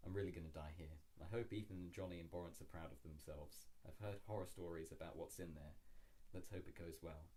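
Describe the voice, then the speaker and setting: A man's voice: low-pitched, quick pace, dark tone. A young man hosting a podcast, reading his own story aloud in casual chat and laughing often as he swears and mocks himself.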